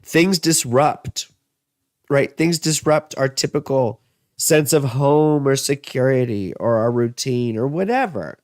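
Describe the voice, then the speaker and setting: A man's voice: medium pitch, lively intonation, slow pace, darkish tone, no room sound, studio quality. A man in his thirties giving a casual, rambling astrology and tarot reading, full of asides and fillers.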